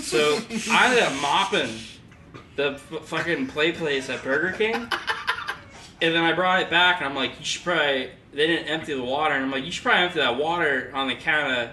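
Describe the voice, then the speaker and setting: A man's voice: a little high, fairly quick, sharp tone. A man casually telling a funny story, laughing often and acting out the quotes. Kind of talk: casual chat. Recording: echoey room, distant mic, background noise.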